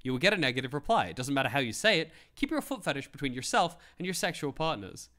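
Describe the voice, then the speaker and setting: Animated bright-voiced man streaming. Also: a little high, fast talker. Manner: animated, laughing, mock-outraged, swearing freely. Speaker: livestream host. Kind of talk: comedic live-stream commentary.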